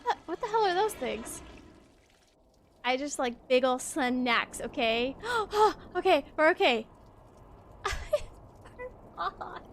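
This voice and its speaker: A woman streamer giving excited gameplay commentary, giggling and squealing as she gushes over how cute everything is. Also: high voice, takes it slowly, pauses often, slight background noise. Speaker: video game streamer.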